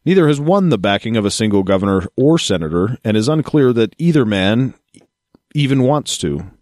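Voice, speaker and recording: A man's voice: mid-range voice, expressive, normal speed, darkish tone, no echo, studio quality. A man co-hosting a podcast, reading news excerpts aloud and joking about them with a co-host, often laughing. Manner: reads news excerpts then jokes and laughs. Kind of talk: casual podcast chat reading articles aloud.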